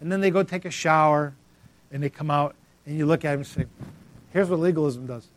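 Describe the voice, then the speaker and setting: A man's voice: a little high, fairly even intonation, fast. A man preaching a sermon as pastor, emphatic and repetitive, calling out congregants by name.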